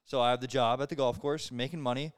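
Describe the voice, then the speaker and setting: A young man in his twenties rambles through a casual podcast chat, padding every phrase with fillers. His voice sits mid-range and sounds smooth and clear. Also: mid-range voice, fairly even intonation, fast talker. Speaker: podcast guest.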